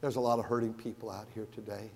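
Earnest pastor preaching in a reverberant hall. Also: male voice, lowish voice, little pitch movement, fast, vocal fry, slight background noise. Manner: earnest, repeats and restarts words, swings from raised to hushed. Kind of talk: sermon. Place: large church sanctuary.

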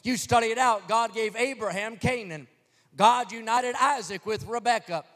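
A man's voice: very high-pitched, moderate pace, a bit bright. A man preaching a sermon as pastor, telling stories with dramatic flair and acting out the crowds. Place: church sanctuary. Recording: long hall reverb.

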